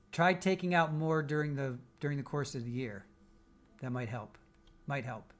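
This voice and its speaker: A man hosting a live stream, casually reading out viewer comments with teasing jokes and frequent laughs. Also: on the high side. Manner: joking, teasing, laughs often. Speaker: livestream host.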